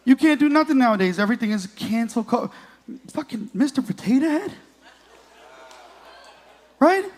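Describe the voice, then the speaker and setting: Brash high-voiced man doing stand-up. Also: animated, normal speed, a little mellow. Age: 30s. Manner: brash, profane, crowd-teasing. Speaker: stand-up comedian. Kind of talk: stand-up comedy set. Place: comedy club stage.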